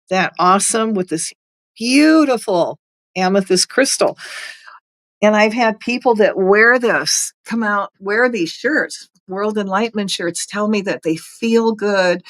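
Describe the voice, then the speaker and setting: A woman's voice: mid-range voice, fairly bright tone, dry recording, rough recording. A middle-aged woman hosting a casual spiritual talk, earnest, chatty and encouraging. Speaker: host.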